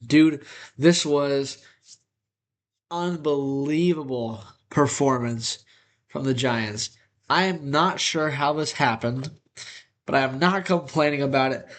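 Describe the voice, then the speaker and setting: A young man hosting his own sports talk show, upbeat and energetic, sounding nasal from a congested nose. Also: medium pitch, takes it slowly, pauses often. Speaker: host.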